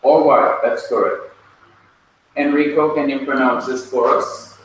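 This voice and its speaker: Male teacher drilling students, slow and patient, echoey room, heard from a distance. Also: mid-range voice, steady tone. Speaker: Hebrew teacher. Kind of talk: classroom lesson with drills. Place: classroom. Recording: echoey classroom from far off, faint noise.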